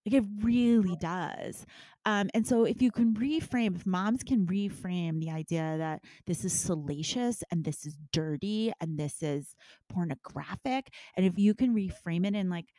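A middle-aged woman speaking as a guest on a podcast, telling frank stories in an animated way that swings from soft asides to loud bursts. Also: fairly low pitch, a little slow, no echo. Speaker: guest, intimacy business owner. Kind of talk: candid podcast interview.

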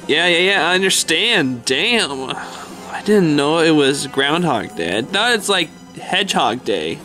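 A man's voice: a little high, very animated, measured pace, pushed and bright, faint music behind, full character voice. A man voicing a brash, lazy cartoon hedgehog who brags and talks in slang. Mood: shrugging. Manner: slangy, boastful, dismissive. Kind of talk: toy stop-motion fan skit voice.

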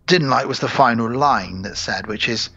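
A man's voice: medium pitch, moderate pace, gravelly, sharp tone, slightly rough, dry recording, lo-fi sound. A man in his forties co-hosting a podcast, chatting about films in an enthusiastic, rambling, jokey way. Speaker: podcast co-host. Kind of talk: casual film review chat.

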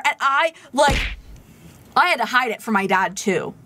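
Woman streamer chatting to chat while she plays, kinda high voice, slow and drawn out. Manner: chatty, animated storyteller talking to chat. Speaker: game streamer. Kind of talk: casual gameplay chat.

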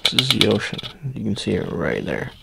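A man in a whispered role-play as an ASMR host, playful and rambling, drifting between a soft voice and whispers. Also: fairly low pitch, lively intonation, a little fast, creaky, very noisy.

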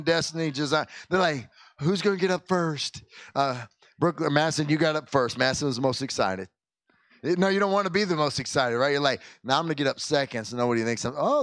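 A man leads the evening church service as its pastor, giving announcements in a loose, folksy way that keeps breaking off and restarting. His voice sits a little higher than most men's. The recording is close and dry, with little room sound. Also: a bit bright, no echo. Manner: folksy, chatty, self-interrupting. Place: church sanctuary.

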